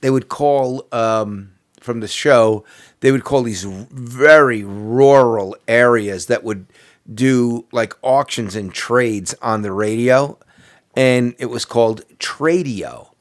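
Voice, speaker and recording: A man's voice: medium pitch, slow pace. A man with a New Jersey accent co-hosting a casual show, joking and slipping into mock voices. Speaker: co-host. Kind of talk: casual podcast banter.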